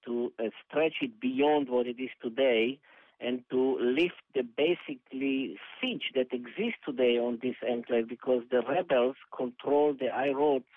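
A man, speaking as an analyst. He explains calmly and deliberately, with plenty of small fillers. The sound is narrow and dry, like a phone call. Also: medium pitch, no room sound. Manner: measured, explanatory, hesitant fillers. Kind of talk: phone interview on a news broadcast. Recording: tinny dry phone line.

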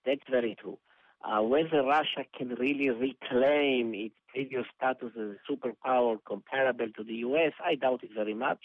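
A man, speaking as an analyst. He explains calmly and deliberately, with plenty of small fillers. The sound is narrow and dry, like a phone call. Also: medium pitch, dry recording. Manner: measured, explanatory, hesitant fillers. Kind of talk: phone interview on a news broadcast. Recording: tinny dry phone line.

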